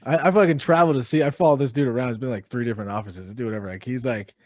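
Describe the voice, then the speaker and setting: A young man co-hosting a podcast in casual chat, animated, cursing freely and imitating the people in his stories. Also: medium pitch, rapid-fire, no echo, studio quality. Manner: animated, swears a lot, imitates others. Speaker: podcast co-host.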